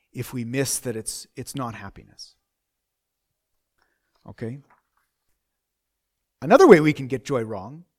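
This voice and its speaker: Conversational preacher man, slightly high voice. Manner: conversational, repeats phrases, rhetorical questions. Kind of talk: sermon.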